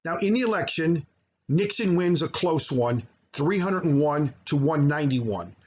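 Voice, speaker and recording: A man teaching high school history over slides, explaining at length with frequent fillers and self-corrections. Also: animated, unhurried, a little mellow, husky, dull audio. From United States. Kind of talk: recorded slideshow lecture.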